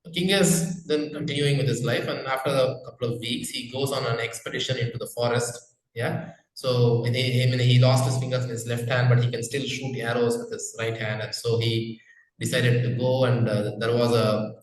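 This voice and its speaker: A man, a spiritual teacher telling a story in a relaxed, conversational way with many fillers. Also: mid-range voice, moderate pace. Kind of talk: storytelling talk. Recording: very echoey room.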